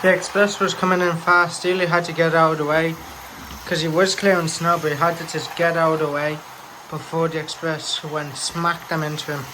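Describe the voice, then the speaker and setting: A man narrating his own homemade story in a halting, informal way. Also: a little high, flat delivery, background noise. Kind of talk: amateur storytelling.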